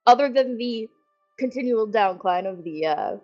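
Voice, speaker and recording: A woman playing her character in a tabletop game, playful and quick to laugh. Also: fairly high pitch, highs cut off, soft background music. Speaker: player. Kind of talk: casual tabletop play.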